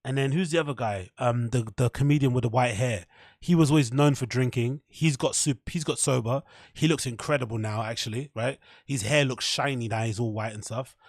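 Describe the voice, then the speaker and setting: A man's voice: mid-range voice, a little fast, no echo. Man, casual podcast host, self-mocking chatter, dry sound. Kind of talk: casual solo podcast rambling.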